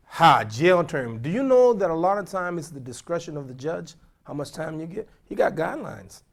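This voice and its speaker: Animated imam quizzing his class. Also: on the high side, moderate pace, creaky. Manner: animated, questioning, repetitive emphasis. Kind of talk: lecture with audience questions.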